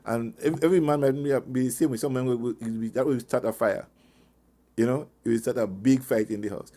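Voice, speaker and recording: A man's voice: medium pitch, fairly quick, warm tone. Man rambling through relationship advice. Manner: rambling, anecdotal, chuckling, repeats words. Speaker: radio show host. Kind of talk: casual advice talk. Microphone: online meeting call.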